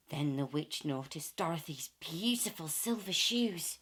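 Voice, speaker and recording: A woman reading a children's story aloud in an expressive, animated way. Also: low voice, a little slow, few pauses, breathy edge.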